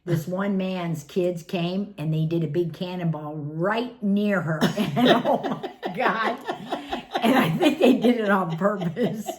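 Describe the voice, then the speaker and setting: A woman's voice: mid-range voice, takes it slowly. A middle-aged woman caring for her mother, telling stories in a casual vlog and laughing often. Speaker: family caregiver.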